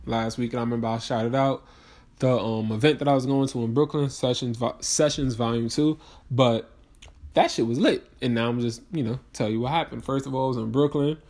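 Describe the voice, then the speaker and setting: Tired, rambling New man podcasting. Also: medium pitch. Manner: rambling and slangy, with many restarts and shout-outs. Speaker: podcast host. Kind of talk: casual solo podcast monologue.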